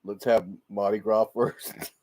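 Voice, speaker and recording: A man hosts a livestream, chatting loosely with viewers through a laptop mic and laughing a lot as he rambles. His voice is lowish and a little mellow, slow-paced, with little pitch movement.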